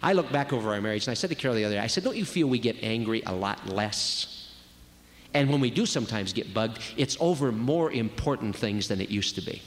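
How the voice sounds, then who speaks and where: Man preaching about marriage, pitch jumping all over, big hall with a long echo. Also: fairly quick. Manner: lively, conversational, acts out quoted voices. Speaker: speaker at a marriage retreat. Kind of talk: sermon. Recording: long reverb of a large hall.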